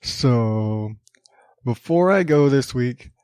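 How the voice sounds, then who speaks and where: A man's voice: mid-range voice, expressive, slow, a little mellow, clean tone, no room sound, studio quality. A man hosting a solo podcast, rambling casually with many fillers, restarts and swearing. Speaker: podcast host.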